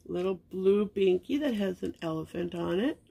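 In a casual unboxing chat, a middle-aged woman shows viewers baby clothes, sounding gushing and sentimental with plenty of fillers; she collects reborn dolls and hosts the channel. She speaks at a normal speed in a lowish, creaky, husky voice with a warm tone.

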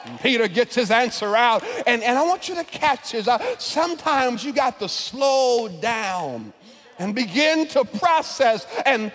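Very animated though a little slow, a pastor whose voice is strikingly high delivers a sermon that echoes with long reverb through a large church. He builds momentum by restarting phrases and repeating words, climbing to shouted peaks.

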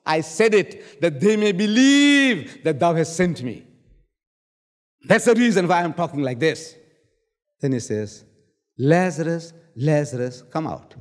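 A man with a fairly high voice argues his side of a public debate. He presses each point with rhetorical questions and repeats key words for weight. His voice rings out with the long reverb of a large hall. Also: big pitch swings, unhurried, pauses often.

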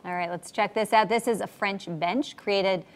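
A woman's voice: mid-range voice, steady tone, normal speed, clear, resonant tone. A young woman filling in as co-host on a morning TV show, bubbly and bantering. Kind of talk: playful casual chat.

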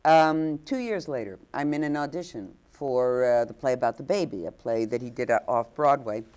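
Low-voiced woman telling stories. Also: lively intonation, normal speed, darkish tone. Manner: hesitant, many fillers and restarts, acts out quotes. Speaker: guest actress. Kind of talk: anecdotal storytelling. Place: inn overlooking the ocean.

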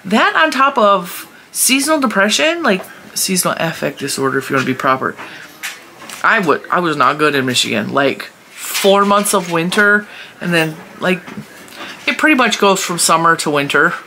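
Speaking at a moderate pace in a voice on the low side, this crochet vlogger has lively intonation and a pushed, bright quality. She chats and rambles at her desk with lots of laughter, stuffy from allergies, over slight background noise.

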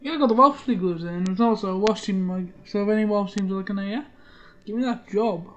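A woman's voice: medium pitch, quick pace, muffled recording. A woman giving casual let's-play commentary, rambling and muttering to herself and swearing now and then. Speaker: gaming channel host.

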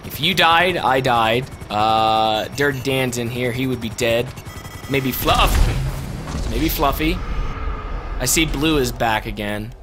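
A young man streams a video game over noisy audio, cursing, laughing and shouting at the game while chatting casually with a friend. His voice sits at a medium pitch and he talks slowly.

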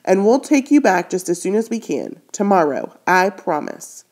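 A woman's voice: medium pitch, sing-song, moderate pace, a little mellow. A woman reading aloud voices a kindly, flustered farm mother who pleads breathlessly and tries to soothe a frightened child. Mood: pleading.

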